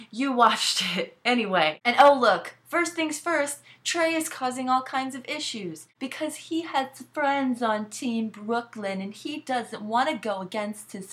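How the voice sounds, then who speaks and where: A young woman recapping a reality show episode in a casual, profane, sarcastic way, with quick asides to the viewer. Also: on the high side, a bit bright. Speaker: recap vlogger.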